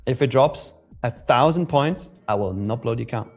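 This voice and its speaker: A man chatting casually on a live trading stream, trading jokes with his co-host and giving blunt advice to viewers. His voice sits at an ordinary middle pitch, and faint music plays behind him. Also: moderate pace. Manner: joking, blunt, reads chat aloud.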